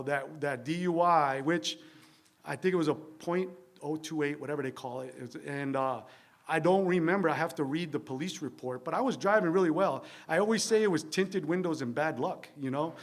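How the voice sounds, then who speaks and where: A man from New Jersey candidly sharing his recovery story at a meeting, rambling with wry, self-deprecating humor. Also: on the high side. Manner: rambling with fillers and tag questions. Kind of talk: recovery meeting share, conversational monologue. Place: church meeting room.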